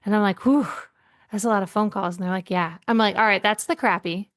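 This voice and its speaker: A woman's voice: mid-range voice, fairly even intonation, brisk. A woman leadership coach, a guest on an interview podcast, telling workplace anecdotes and acting out the dialogue. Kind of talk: conversational interview.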